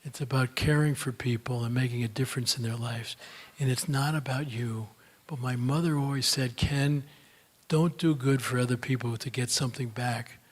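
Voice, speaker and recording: A man's voice: mid-range voice, steady tone, normal speed, husky. An older man from the United States giving a folksy, chatty talk, then answering audience questions with plenty of "you know.". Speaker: speaker.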